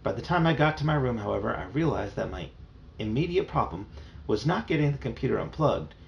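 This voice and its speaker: A man reads a children's novel aloud in a plain, storytelling way, his voice gravelly with a creaky edge. The recording sounds dull and muffled, with a faint hiss underneath. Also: mid-range voice, very animated, a little fast. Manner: plain storytelling with small slips. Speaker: reader.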